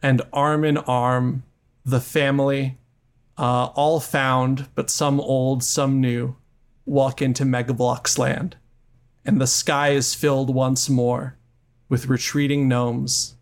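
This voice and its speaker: A man's voice: medium pitch, slow. Playful man narrating improv comedy. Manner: playful, excitable, hesitant fillers. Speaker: guest improviser.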